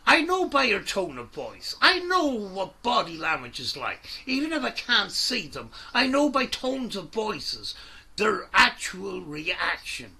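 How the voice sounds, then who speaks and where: A man's voice: sits high, wildly swooping pitch, measured pace, creaky, sharp tone, husky. A man doing an angry, sweary reaction commentary, mocking and ranting at the video he watches. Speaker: commentary YouTuber.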